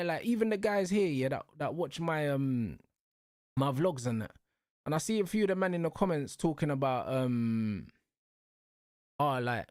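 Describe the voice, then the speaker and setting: A young man rants about football as a show host, circling back to the same points with heat. His voice sits slightly high. The sound is dry and close, with no room around it. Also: a little mellow, no room sound. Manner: heated, repetitive, slangy ranting. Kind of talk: casual football rant.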